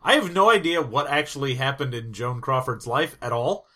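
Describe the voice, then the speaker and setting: Male co-host, bright and sarcastic, playful delivery. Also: medium pitch. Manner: sarcastic, playful, quick bits. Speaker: podcast co-host. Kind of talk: casual movie-review chat.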